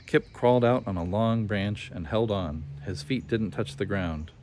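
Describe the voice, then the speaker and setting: Male storybook narrator, low voice, gentle and clear. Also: unhurried, a little hiss or hum. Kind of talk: children's story reading.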